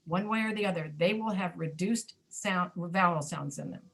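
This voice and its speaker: Teaching pronunciation online, this American woman speaks in a lowish, fairly bright voice touched with vocal fry. She repeats each word slowly and patiently to highlight its stress pattern.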